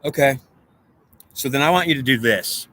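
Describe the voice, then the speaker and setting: A man's voice: medium pitch, moderate pace, bright, forceful tone. A man in an unscripted monologue, rambling in a stream of consciousness and arguing back and forth with himself. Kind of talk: guided visualization.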